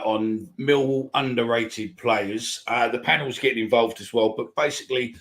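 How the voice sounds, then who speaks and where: With a fairly low, slightly bright voice, this man hosting a football fan podcast keeps the casual chat loose and meandering, stumbling through ums and restarts.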